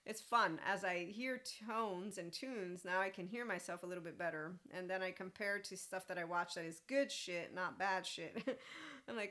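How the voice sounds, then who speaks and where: A woman's voice: on the low side, normal speed, bright, forceful tone. A woman hosting a casual spiritual self-help monologue, rambling and laughing often as she mimics other voices in quotes. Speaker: host.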